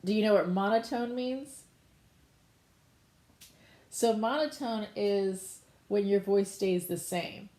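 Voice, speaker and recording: A woman's voice: mid-range voice, takes it slowly, long pauses, warm tone, reverberant. A woman teacher patiently explaining voiceover delivery in a conversational online lesson.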